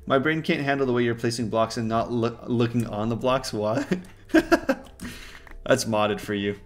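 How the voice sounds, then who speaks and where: A young man streaming a video game with a friend, joking and bursting into loud yelps. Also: mid-range voice, measured pace. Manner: excitable, jokey, swings to loud yelps. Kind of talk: casual gaming chat. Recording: faint game music behind.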